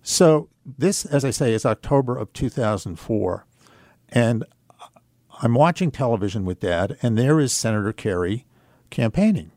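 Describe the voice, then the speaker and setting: A man speaking as a guest on a radio show, telling a personal story in an earnest, reflective way, unhurried and with fillers. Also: medium pitch, expressive, darkish tone, dry recording, studio quality.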